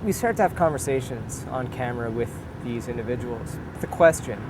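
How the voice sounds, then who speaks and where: A man narrating a documentary in a measured way, reading out names as he announces them. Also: medium pitch, expressive, noisy background. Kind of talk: scripted narration.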